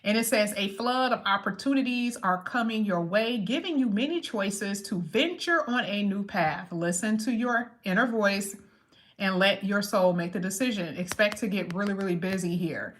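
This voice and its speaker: A woman's voice: medium pitch, normal speed. Woman reading tarot on camera, chatty, talks right to viewers, slight hiss behind. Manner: chatty, lively asides addressing viewers. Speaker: tarot reader.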